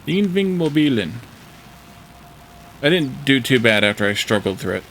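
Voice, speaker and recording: A man's voice: on the low side, fast, bright, forceful tone, slight background noise. Joking man rambling over gameplay. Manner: rambling, joking, trying out foreign words. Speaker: streamer playing a modded factory game. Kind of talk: casual gameplay commentary with chat.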